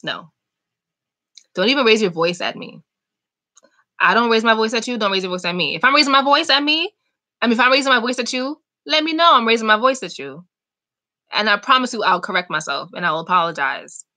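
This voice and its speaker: A young woman chatting casually on a live stream, reading and answering viewer comments in an animated, talkative way. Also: a little high, fairly quick, long pauses. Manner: chatty, animated, talks back to chat comments. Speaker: vlogger hosting a live chat.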